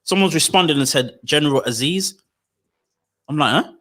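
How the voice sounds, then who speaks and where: A man talks fast and loose as a podcast co-host, tumbling through restarts and slang. His voice has a bright, clear edge to it, and he sounds keen and animated throughout. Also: on the high side. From United Kingdom. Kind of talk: casual chat.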